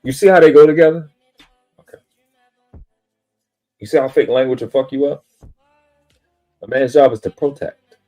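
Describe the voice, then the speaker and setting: A man's voice: mid-range voice, moderate pace, long pauses, mellow, faint music behind. A man on a live stream lecturing about spiritual teachings in an emphatic, preachy way, swearing casually and boasting about himself. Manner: self-aggrandizing, spiritual teaching tone. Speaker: panel speaker on a live stream.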